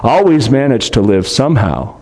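A man's voice: mid-range voice, big pitch swings, moderate pace, darkish tone, voice pushed down, lightly acted. A man reading a storybook aloud, voicing a bold English schoolboy who gives urgent commands. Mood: decisive.

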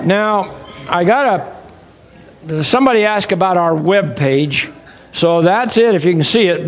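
A man with a high-pitched voice speaks as a church-style lecturer, opening with prayer and telling anecdotes in a homespun way. He grows animated and exclaims in wonder as he talks. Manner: folksy storytelling, animated and exclaiming. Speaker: creation science speaker.

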